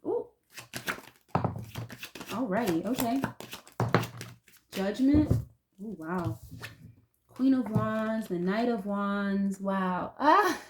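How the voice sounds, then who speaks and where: A woman's voice: medium pitch, animated, drawn-out words, pauses often, slight background noise. Chatty woman doing a casual tarot reading. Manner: chatty and loose, heavy use of "like", occasional swearing. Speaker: tarot reader.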